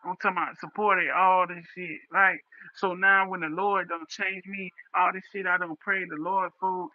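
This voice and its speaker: A man's voice: sits high, little pitch movement, moderate pace, phone-quality sound. A young man talking straight into a livestream in a raw, impassioned, repetitive monologue. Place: livestream setup.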